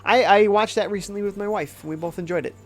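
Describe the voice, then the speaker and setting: A man's voice: high-pitched, fast, faint music behind. Stuffy-voiced man streaming a game. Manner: laid-back, reads chat aloud. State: congested from a cold. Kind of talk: casual gameplay commentary.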